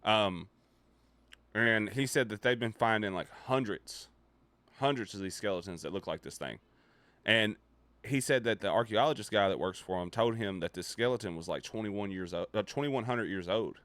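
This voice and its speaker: A young man streaming live, telling a story casually and profanely, dropping his voice low and quiet for suspense. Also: moderate pace, no room sound. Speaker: livestreamer.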